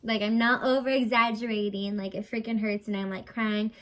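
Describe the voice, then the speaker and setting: A young woman vlogger chatting casually as she tells a personal story, full of fillers and lively retold dialogue. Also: a little high, brisk, low-quality recording. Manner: chatty, lots of fillers, animated retelling.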